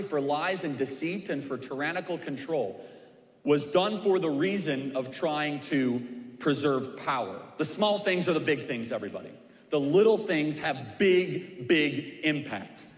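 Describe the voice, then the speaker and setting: Guy preaching a story, fairly high voice, big echoey church hall. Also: unhurried. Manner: storytelling with emphatic repetition. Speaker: speaker at a church civics event. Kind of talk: preaching a history story to a live audience. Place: large church auditorium. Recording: echoey hall with long reverb.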